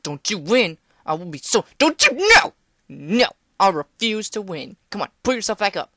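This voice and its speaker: A woman's voice: mid-range voice, sing-song, normal speed, sharp tone, dry recording. A young woman commentating a game at home, talking to the screen with playful outbursts and teasing. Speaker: gameplay commentator. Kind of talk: casual let's-play commentary. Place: home room.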